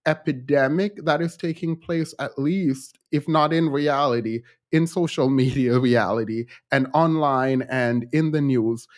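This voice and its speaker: A man hosting a casual commentary show, chatty and often laughing between his remarks. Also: on the high side. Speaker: host.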